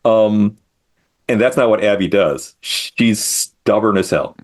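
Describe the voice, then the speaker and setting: A man's voice: lowish voice, slow. A middle-aged man, a comic creator, talking casually as a guest in an interview, thoughtful and self-deprecating as he explains his work.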